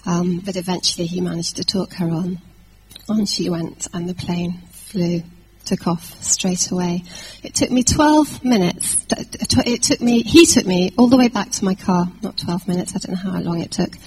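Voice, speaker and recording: A woman from England preaching a sermon, telling a personal story in a lively anecdotal way with fillers and restarts. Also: lowish voice, normal speed, noisy background.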